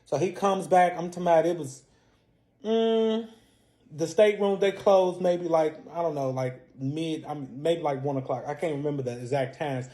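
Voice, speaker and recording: Profane, animated young man telling a story. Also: a little high, moderate pace. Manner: heavily profane, animated retelling that acts out both sides of an argument. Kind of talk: casual storytime monologue.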